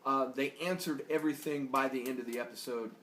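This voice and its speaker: A man's voice: mid-range voice, fairly even intonation, fast, fairly bright tone. A man co-hosting a casual TV review chat, rambling and joking in a laid-back way. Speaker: podcast co-host. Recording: echoey room with faint noise.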